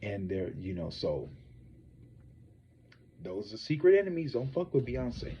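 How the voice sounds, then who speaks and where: Profane, animated male gossip streamer. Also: fairly low pitch, a little slow, muffled recording, a little hiss or hum. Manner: profane, animated, talks straight to viewers. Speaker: psychic tarot reader and gossip host. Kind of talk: casual celebrity gossip livestream.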